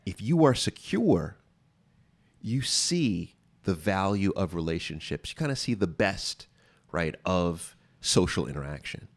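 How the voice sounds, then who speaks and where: Deep-voiced man hosting an advice show. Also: very animated, unhurried. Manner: emphatic, repeats key phrases for stress. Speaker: podcast host. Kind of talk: casual advice talk. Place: studio.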